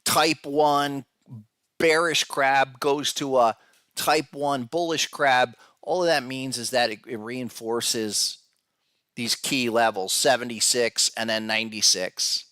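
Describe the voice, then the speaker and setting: A man's voice: mid-range voice, steady tone, slow pace, bright, forceful tone, no room sound, studio quality. A man hosting a podcast, giving casual market analysis, who talks to viewers directly and often repeats words as he goes. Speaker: podcast host and trading analyst.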